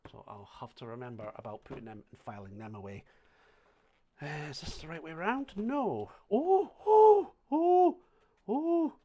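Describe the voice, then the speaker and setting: Middle-aged Scottish man, mid-pitched, casual livestream chatter at home, thinks aloud, now and then loud outbursts. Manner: chatty, thinks aloud while sorting notes, sudden loud exclamations. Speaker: coin and banknote collector livestreaming. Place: home flat indoors.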